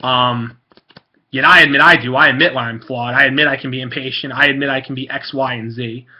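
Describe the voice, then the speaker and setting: A man's voice: medium pitch, fairly even intonation, a little fast, bright, forceful tone. A man ranting angrily and bluntly to camera in a vlog, repeating himself and swearing. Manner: angry, blunt, repetitive, swearing. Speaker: card-collecting vlogger.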